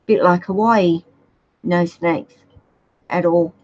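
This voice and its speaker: Slow-talking Australian woman, lo-fi. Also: fairly low pitch, steady tone. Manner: rambling, hesitant, many fillers. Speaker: reptile keeper vlogger. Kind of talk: casual chat answering viewer questions.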